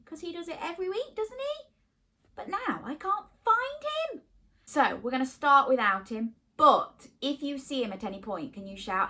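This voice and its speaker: A young woman teaching a phonics lesson to small children, animated and sing-song, gasping in mock surprise. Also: on the high side.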